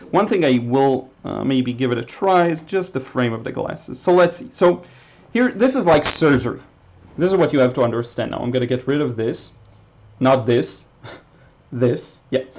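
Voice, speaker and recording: A man from Israel, Hebrew speaker, teaching watercolor live and chatting with viewers in a relaxed way with many fillers. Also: mid-range voice. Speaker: watercolor painting instructor. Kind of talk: live-stream painting demo, reading chat.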